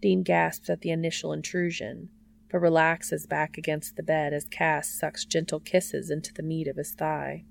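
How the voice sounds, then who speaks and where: Brief: woman storyteller, soft unhurried reading, low pitch. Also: flat delivery, gravelly, slight background noise. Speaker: narrator. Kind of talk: narrating fan fiction aloud.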